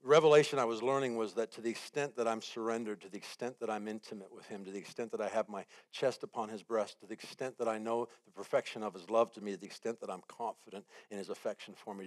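A man preaching a sermon as guest speaker, telling a story with lively acted-out quotes and building repeated phrases. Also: lowish voice. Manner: animated storytelling, acts out his own panic and quotes.

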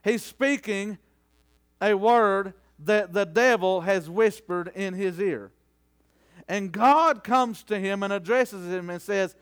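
A man preaching a sermon, asking for amens and building from conversational storytelling into fervent, drawn-out declamation. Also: sits high, smooth. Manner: rhetorical call-and-response, rising into fervent slow declamation.

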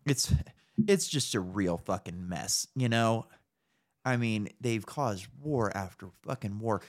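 A man's voice: on the low side, slow pace. A young man hosting a podcast, ranting casually about politics with lots of swearing and mocking impressions. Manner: profane, animated, mocking impressions. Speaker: podcast host.

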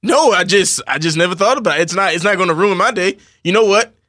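A man's voice: sits high, fast, pushed and bright, no echo, studio quality. A man co-hosting a sports radio show, joking wryly with the host.

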